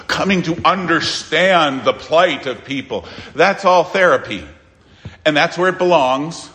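A man preaching a sermon as pastor, emphatic, with dramatic pauses and sudden quiet asides. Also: a little high, long reverb tail.

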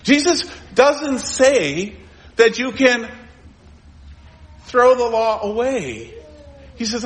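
A male pastor preaching a sermon, pressing rhetorical questions and swinging between urgent, raised lines and low, quiet ones. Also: sing-song, very slow, long pauses.

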